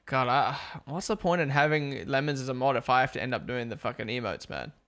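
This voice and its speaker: This is a young man running a live watch-along stream and answering his audience in relaxed, sweary banter. His medium-pitched voice is a bit bright and moves a little fast. Australian-born and New Zealand-raised, he has an accent that combines the two.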